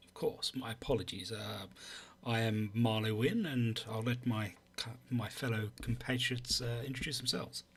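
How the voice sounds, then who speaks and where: A man's voice: medium pitch, moderate pace, hardly any pauses, fairly bright tone, slightly rough. A man playing a formal, courteous adventurer. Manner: formal, apologetic.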